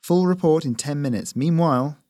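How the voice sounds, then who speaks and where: A man's voice: a little high, a little fast, darkish tone, dry recording, clean studio sound, pitched above the performer's own voice, natural voice. A man voicing a stern female army captain who speaks in curt commands. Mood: commanding.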